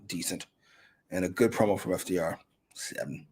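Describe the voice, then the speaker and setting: A man's voice: deep voice, brisk, a little mellow, breathy edge. A man co-hosting a casual wrestling review chat with blunt, profane, wry banter. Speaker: co-host of wrestling review show.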